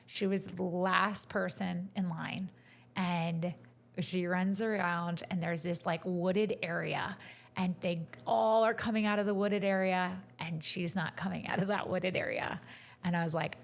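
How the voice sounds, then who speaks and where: A woman's voice: lowish voice, fairly even intonation, measured pace, vocal fry, a bit bright. A woman co-hosting a faith podcast, telling a story in an earnest, conversational way and sometimes falling to a near whisper. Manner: storytelling, dropping to a whisper at tender moments. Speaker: podcast co-host and coach. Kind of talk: faith-based casual conversation.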